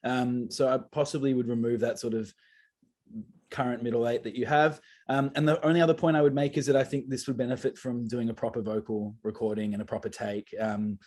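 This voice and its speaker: Male judge; even pitch, measured and hesitant feedback. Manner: measured, hedging with ums. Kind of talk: critiquing a performance.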